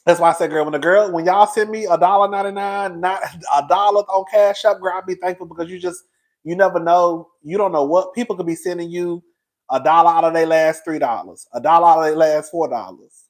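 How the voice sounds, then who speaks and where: A man's voice: high voice, a little fast. A man in his forties hosting his own commentary channel, talking to viewers in a sassy, emotional, gossipy casual chat. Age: 40s.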